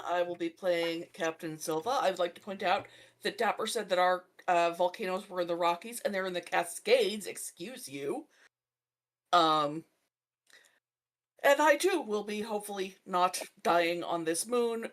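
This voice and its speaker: Female player, lower voice, wry teasing tone, casual. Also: expressive, moderate pace. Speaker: tabletop game player. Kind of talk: casual chat.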